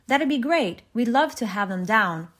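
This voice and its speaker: A woman reading aloud voices a calm, gently wry older male farmer in a storybook reading. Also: on the high side. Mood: calm dry. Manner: calm, unhurried, dryly amused.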